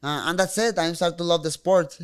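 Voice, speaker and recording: Mexican man, smooth voice, halting English. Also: a little high, steady tone. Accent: Mexican Spanish. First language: Spanish. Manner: halting, many restarts and fillers. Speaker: guest fighter. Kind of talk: casual interview talk.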